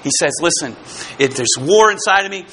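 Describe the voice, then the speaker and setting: A man preaching a fervent sermon, calling out to the congregation and bursting into shouts. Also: on the high side, expressive, fairly quick.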